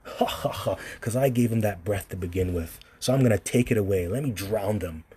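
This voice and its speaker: A man's voice: on the low side, fairly quick, dark tone, slight background noise, lightly acted. A man voicing a gloating vengeful god. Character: vengeful male deity gloating over a flood.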